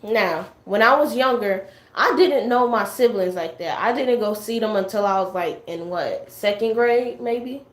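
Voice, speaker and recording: A young woman tells a personal story in a loose, rambling way, full of fillers and acted-out quotes. Her voice sits at an ordinary middle pitch. It bounces around an echoey room. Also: a little slow, few pauses. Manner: rambling, heavy fillers, acts out family quotes. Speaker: guest sharing a personal story. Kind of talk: casual storytelling chat.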